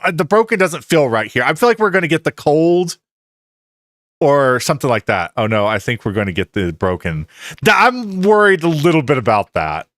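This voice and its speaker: A man streaming a video game, chatting with his viewers and reacting out loud, laughing often. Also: a little high, no echo, clean studio sound. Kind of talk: live-stream game commentary.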